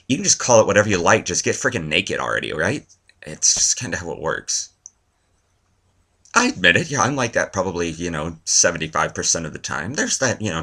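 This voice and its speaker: A man's voice: low voice, bright, forceful tone. A man vlogging a rambling comedy monologue, tossing out one-liners and self-mocking asides.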